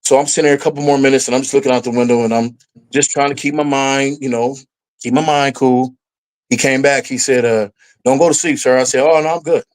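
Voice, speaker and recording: A middle-aged man talks as a guest on a casual podcast, telling a long personal story with lively energy. When he acts out his past self, his voice climbs higher. His pitch sits in the middle range for a man. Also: fast talker, low-quality recording.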